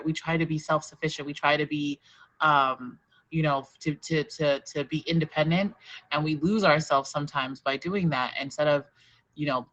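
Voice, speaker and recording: Bright, earnest host on dull lo-fi audio. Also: medium pitch. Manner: earnest, encouraging, repeats points for emphasis. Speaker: podcast host. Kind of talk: supportive casual chat.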